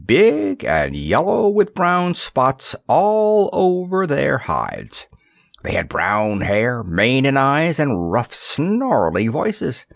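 A man voicing a gentle, wise female hippopotamus in a storybook, speaking gravely and calmly. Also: mid-range voice, very slow, no echo, clean studio sound, voice pushed up, heavily acted. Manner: grave, calm and solemn.

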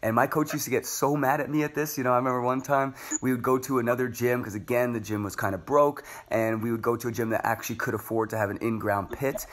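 A man, a former gymnast, hosting an interview and telling stories in an animated, conversational way. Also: mid-range voice, fast talker, few pauses. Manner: animated, anecdotal storytelling. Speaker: podcast host, former gymnast.

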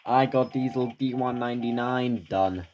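A man's voice: mid-range voice, normal speed, a little mellow, a little hiss or hum. A man giving casual, crude, joking commentary while watching a stream. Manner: blunt, joking, crude asides. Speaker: viewer reacting to a stream.

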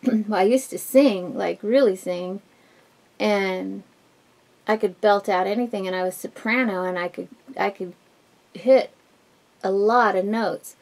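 A woman with a husky, smoky voice talks through her morning routine at home. A gravelly crackle runs under her mid-range voice. She rambles candidly, full of fillers and restarts, as she does her makeup. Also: medium pitch, unhurried, long pauses, darkish tone. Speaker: beauty vlogger. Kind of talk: casual get-ready-with-me chat.

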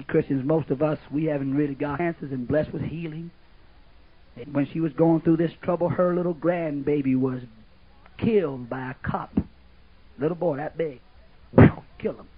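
Older preacher on old lo-fi tape. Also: male voice, a little high, husky. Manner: folksy, rambling, sudden shouts and laughs. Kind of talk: sermon. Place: church camp meeting. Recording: muffled lo-fi old tape, narrow band.

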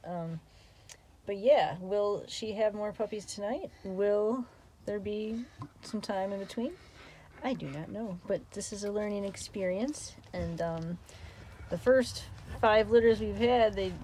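Slow, mellow woman vlogger cooing. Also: a little hiss or hum. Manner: chatty, coos in high baby talk at the puppies. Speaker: vlog host filming her dog's new litter. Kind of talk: casual vlog chat. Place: beside a whelping area at home.

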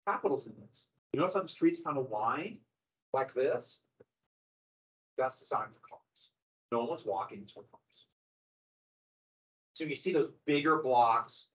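A middle-aged man teaching a class in a conversational lecture style, with wry sarcastic asides. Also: medium pitch. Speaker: high school history teacher. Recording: dull lo-fi classroom recording.

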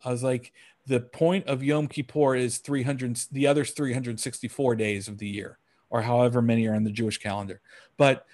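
A man's voice: medium pitch, level tone, darkish tone. Earnest man telling a story. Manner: earnest, reflective, with frequent restarts and pauses. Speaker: guest speaker. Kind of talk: storytelling talk to an online audience. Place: home, on a video call.

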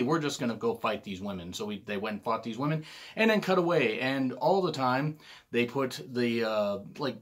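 A man talking through a show review on his own vlog at an ordinary mid-range pitch. He rambles and jokes, stopping to correct himself and pile on running gags. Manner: rambling, jokey, self-correcting. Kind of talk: casual solo review vlog.

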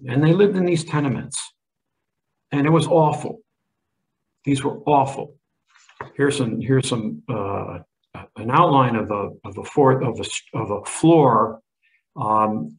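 Gravelly older man giving a lecture. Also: medium pitch, rough recording. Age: 70s. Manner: emphatic, pointing to slides, frequent restarts. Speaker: history professor. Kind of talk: illustrated history lecture.

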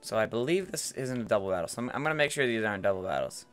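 A man's voice: lowish voice, lively intonation, rapid-fire, fairly bright tone, faint music behind. A man giving casual game commentary as a let's player, rambling and playful, repeating words, on a headset mic.

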